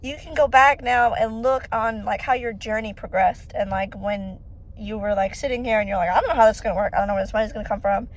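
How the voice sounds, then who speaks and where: A woman's voice: mid-range voice, fast talker, low-quality recording. A young woman vlogging from her car, venting in a rambling, frustrated way and quoting her own thoughts aloud. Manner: frustrated, rambling, talks to herself with quoted asides. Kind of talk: casual vlog venting. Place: in a car, driving. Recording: loud road and car noise. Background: car and traffic noise.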